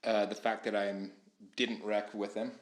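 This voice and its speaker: A man hosting a podcast, relaxed and thoughtful, with a few "uh"s and "um"s as he tells a story. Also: lowish voice, unhurried. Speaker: podcast host. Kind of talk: casual podcast chat. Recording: echoey room.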